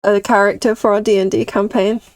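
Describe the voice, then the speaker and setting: A woman's voice: mid-range voice, level tone, brisk, dry recording. A young British woman chatting casually with her viewers while drawing on stream, reading chat and laughing often. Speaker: artist streamer.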